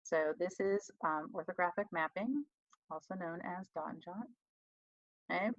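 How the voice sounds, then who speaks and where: A woman's voice: on the low side, moderate pace, dry recording. Chatty woman teaching over a muffled mic. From United States. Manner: chatty, self-deprecating, thinks aloud while writing. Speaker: reading tutor presenting a webinar. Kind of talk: casual teaching talk.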